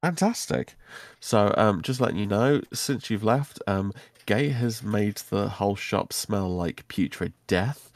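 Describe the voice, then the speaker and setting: A man's voice: on the low side, unhurried, dry recording. A man narrating and running a tabletop game as game master, slipping into a grumpy shopkeeper wizard with a raised voice.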